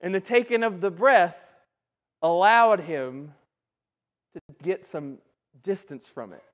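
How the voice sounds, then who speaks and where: High-pitched male preacher, casual and chatty from the pulpit, muffled church recording. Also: expressive, slow. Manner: conversational, keeps asking "right?". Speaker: pastor. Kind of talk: sermon. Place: church sanctuary.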